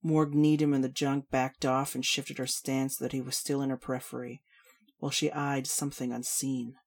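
Woman, fiction narrator, deep voice, steady reading. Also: normal speed. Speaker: reader.

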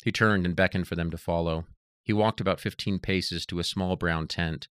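A man narrating an audiobook in a steady, even reading voice. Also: sits low, normal speed, smooth, no echo, clean studio sound.

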